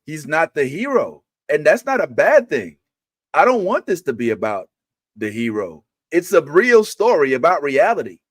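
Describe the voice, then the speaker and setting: A man's voice: fairly high pitch, big pitch swings, moderate pace, no room sound. A man co-hosting a casual livestream show, arguing his point earnestly and mimicking reporters in a raised voice. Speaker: podcast co-host.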